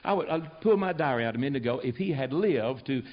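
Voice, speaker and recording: An older man from the United States preaching a folksy, storytelling sermon, swinging from loud to hushed. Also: medium pitch, expressive, fast talker. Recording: dull lo-fi recording.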